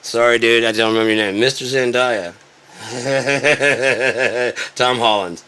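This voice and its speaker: A man's voice: medium pitch, fairly even intonation, slow, pushed and bright, smooth. A man ranting in a sarcastic, rambling and profane way, as an online commentator.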